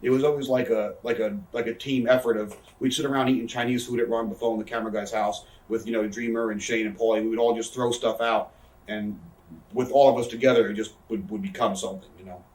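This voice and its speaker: A man in a candid interview, telling backstage stories in a rapid, profane way and acting out what others said. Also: fairly low pitch, fairly even intonation, a little mellow. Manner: rapid, profane, acts out quoted voices. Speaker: interview guest, former wrestler. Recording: echoey room, somewhat far from mic.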